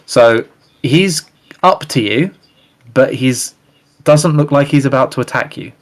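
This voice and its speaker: A man's voice: mid-range voice, measured pace. A man running a tabletop game as game master, laid-back, laughing often and swearing casually.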